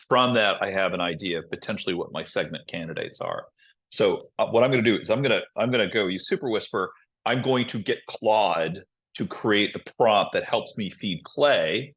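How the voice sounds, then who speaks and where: A man co-hosting a live stream, calmly recapping the process so far and hedging often with "sort of". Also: deep voice. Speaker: co-host, moderator. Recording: dull lo-fi call audio.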